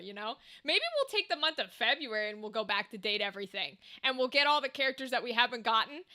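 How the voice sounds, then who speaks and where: A woman's voice: a little high, bright, forceful tone. A young woman streaming, chatting casually and rambling to her viewers, humming and singing little tunes to herself between thoughts. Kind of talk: casual live-stream chat.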